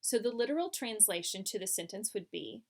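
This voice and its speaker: A woman's voice: medium pitch, animated, brisk. A woman teaching a French lesson, explaining patiently step by step over slides. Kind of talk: recorded classroom lesson.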